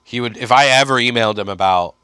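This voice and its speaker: A young man talks through his comedy career in an easygoing podcast chat, bouncing between stories and quick impressions of the people in them. His voice is bright and forward, and the mic sounds close and dry. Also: medium pitch, smooth, no echo. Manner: animated storyteller, mimics people he quotes. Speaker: stand-up comedian guest. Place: Chicago.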